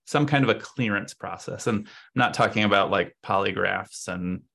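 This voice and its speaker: A man with a very low voice speaks as a podcast guest. There is a gravelly fry running through his words. He gives long, explanatory answers in casual interview talk and works out his points aloud. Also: normal speed, a bit bright. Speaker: podcast guest, agency co-owner.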